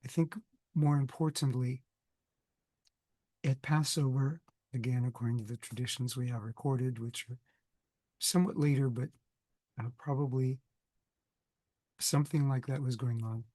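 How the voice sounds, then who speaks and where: A man's voice: mid-range voice, steady tone, normal speed, long pauses, dark tone, no room sound. Older man with a cold, video lecture, digressive and conversational, dry close sound. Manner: conversational, digressive, self-correcting. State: has a cold, coughing. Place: indoors, recording for video.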